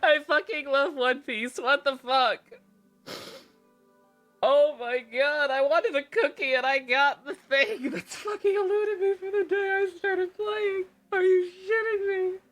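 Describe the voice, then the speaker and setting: A young woman live-streaming a game, chatting casually, excitable and emotional, with lots of laughing and swearing. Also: high voice, a little slow, soft background music.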